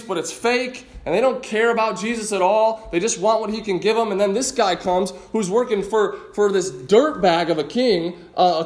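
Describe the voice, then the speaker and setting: Male pastor, high-pitched, casual and emphatic sermon delivery, stumbles and restarts often. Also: reverberant. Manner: conversational, emphatic, frequent restarts.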